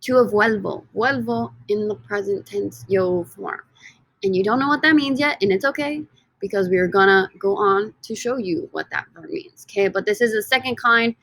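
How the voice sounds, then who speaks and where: A woman teaching a recorded lesson from slides in an upbeat, teacherly way, often stretching words out slowly for emphasis. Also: mid-range voice, creaky, a bit bright. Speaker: Spanish teacher.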